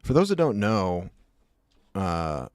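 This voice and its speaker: A man's voice: low voice, big pitch swings, slow, clean tone, no room sound, clean studio sound. A man streaming and chatting casually, rambling through jokey asides. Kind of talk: casual chat.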